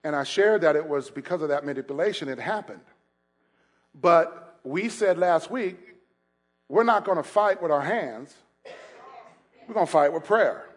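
A man preaching a sermon as pastor, laughing between lines and building to shouted, repeated calls to the congregation. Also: sits high. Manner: repeats phrases, laughs while speaking.

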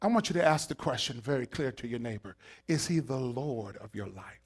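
A man preaching a sermon, swinging between shouted, fiery passages and quiet asides, calling out to the congregation. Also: mid-range voice, expressive, a little fast, breathy edge. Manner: calls out to the congregation.

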